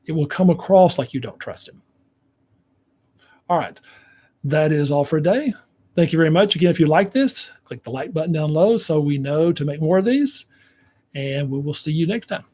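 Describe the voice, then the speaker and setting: A man's voice: fairly high pitch, lively intonation, moderate pace, long pauses, mellow. A man giving relationship advice to viewers, acting out what partners say to each other to explain how men hear it. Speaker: relationship coach.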